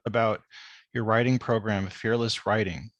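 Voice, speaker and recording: A man's voice: on the low side, fairly even intonation, normal speed, highs cut off. A man hosting a casual interview who encourages his guest with short friendly replies and easy questions. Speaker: interview host.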